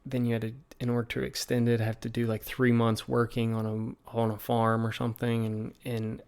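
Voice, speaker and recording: This Southern-accented podcast guest from Virginia talks a little fast in a mid-range voice that is gravelly, a little mellow, and clean, with a completely flat delivery. His casual storytelling wanders, loaded with fillers and quoted asides.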